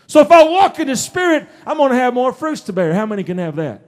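A middle-aged man preaching a folksy, emphatic sermon in a church, his voice rising into shouts. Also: very high-pitched, big pitch swings, quick pace. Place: church sanctuary.

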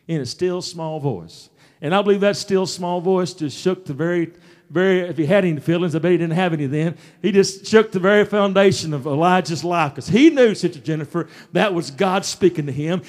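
A man preaching a fervent revival sermon, swinging between shouts and hushed asides. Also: high voice, expressive, brisk. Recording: taped sermon.

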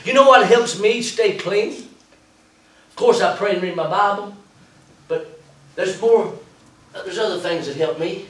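A man preaching a revival sermon in a church, breaking into laughing, shouting bursts. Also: high voice, a little slow. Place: church sanctuary. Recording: roomy echo from far off. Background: congregation calling out.

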